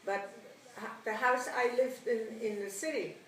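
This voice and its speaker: An older woman, recounting her childhood in an animated oral-history interview, often laughing and acting out what people said. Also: fairly high pitch, a little slow. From Germany. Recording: roomy, distant mic, faint noise.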